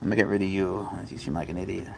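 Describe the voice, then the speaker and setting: A man's voice: deep voice, fast talker, gravelly, background noise. A man hosting a casual livestream, rambling as he talks to his cats and answers viewers' chat. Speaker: livestream host.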